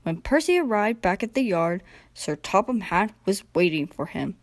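A young woman narrating a children's train storybook in a gentle, expressive read-aloud manner. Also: medium pitch, moderate pace. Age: young adult. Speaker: storybook reader.

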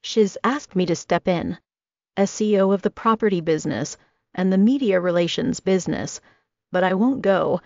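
A woman voicing a rugged, quiet cowboy who speaks in a subdued murmur in an audiobook. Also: medium pitch, normal speed, no echo, lightly acted. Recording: dull lo-fi recording.

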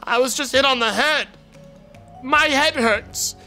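A man's voice: very high-pitched, measured pace, pushed and bright, soft background music, voice pushed up, exaggerated voice. A man voicing a whiny young male detective with a clam for a head in a game. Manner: whiny, plaintive.

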